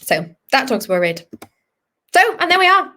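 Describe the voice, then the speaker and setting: Animated woman teaching kids. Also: high voice, normal speed. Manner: animated, chatty, acts out dog voices. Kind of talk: live online lesson for children.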